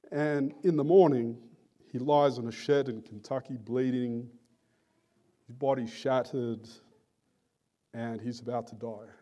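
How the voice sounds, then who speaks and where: A man preaching a sermon in an earnest, deliberate and emphatic manner. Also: medium pitch, dark tone.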